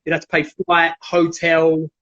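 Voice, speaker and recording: Guest storyteller: man, lively, slightly high voice, muffled live-stream sound. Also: unhurried. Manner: animated, acts out quoted voices. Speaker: guest, jiu-jitsu black belt. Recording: dull lo-fi live stream audio.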